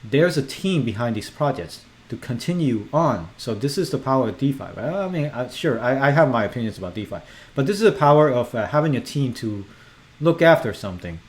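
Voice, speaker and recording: A man giving casual, animated commentary as a crypto video host, emphatic and repetitive as he reassures viewers. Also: medium pitch, brisk. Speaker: crypto YouTuber.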